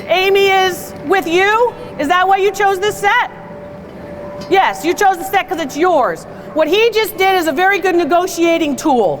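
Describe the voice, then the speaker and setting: A woman with a very high voice works a crowd as an antiques appraiser, brash and quick with her teasing banter. A faint hiss of background noise sits under her. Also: fairly bright tone. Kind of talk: live comedic appraisal show with audience.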